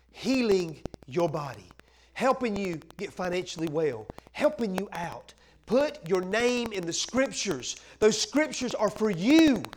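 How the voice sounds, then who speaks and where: A man's voice: extremely high pitch, a little hiss or hum, rough recording. A man pastor preaching a sermon in a church, impassioned and driving his points home with emphatic repetition.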